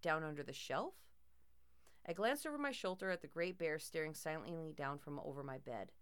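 A woman's voice: deep voice, expressive, normal speed, a bit bright, clear, resonant tone. A woman narrating a first-person horror story in a tense, dramatic way.

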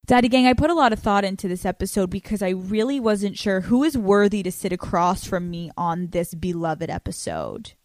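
Young woman, podcast host, casual chat, profane, quick delivery, dry close mic. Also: medium pitch, no room sound. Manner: fast, profane, animated storytelling. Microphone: studio microphone.

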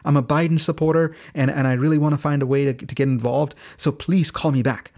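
An eager man calls from his hospital bed, pitched up and pressing, a little gravelly around the edges. He is grateful and pleads to be called back, as a man acts him out. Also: fairly quick. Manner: excited, pleading.

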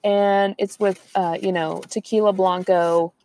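A woman's voice: mid-range voice, level tone, measured pace, mellow. A woman, chatting casually and rambling on a podcast, laughing often. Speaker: podcast co-host. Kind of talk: casual chat.

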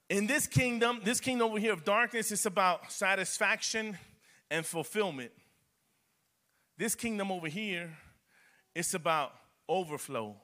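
Bright high-voiced preaching man. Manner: preaching with rising emphasis and repetition. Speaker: pastor. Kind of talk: sermon.

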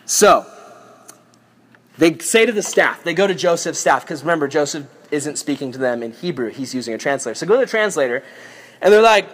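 A young man with a high voice retells a Bible story in a casual, jokey lesson. He is animated and playful, tossing in asides as he teaches. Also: fairly quick. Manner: goofy, joking, animated retelling.

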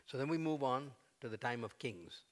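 A man preaching a sermon, conversational with fillers, building to loud, emphatic peaks as he voices prayers. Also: medium pitch, lively intonation, normal speed. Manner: fillers and restarts, conversational teaching.

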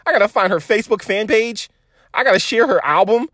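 A man in his thirties talking to his phone from a parked car, in a rambling, excited monologue full of restarts. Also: high-pitched, brisk, dry recording, clean studio sound. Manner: animated, rambling, stammering restarts. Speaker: vlogger reacting to an album. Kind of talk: casual emotional monologue.

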